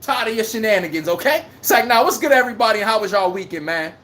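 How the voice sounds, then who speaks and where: A woman's voice: medium pitch, animated, fast talker, fairly bright tone, echoey room. A woman hosting a casual sports livestream, ranting, trash-talking and reading out chat comments. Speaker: livestream host.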